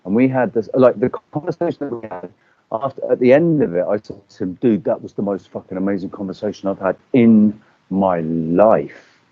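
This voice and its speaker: A man in casual chat, telling stories with animated swearing and acting out quotes. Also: lowish voice, moderate pace, no echo. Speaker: podcast guest. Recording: dull lo-fi audio.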